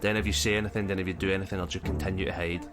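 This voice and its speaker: A man's voice: deep voice, level tone, very fast. A man with a Scottish accent running a tabletop game as game master, talking in a hesitant way full of ums. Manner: hesitant, lots of ums and sort-ofs. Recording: music bed behind voice.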